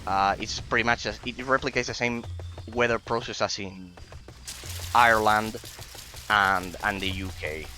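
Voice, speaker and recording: A man's voice: on the low side, steady tone, measured pace, bright, forceful tone, soft background music, rough recording. A man, from Italy, giving analytical let's-play commentary as a gaming streamer, musing aloud with plenty of fillers.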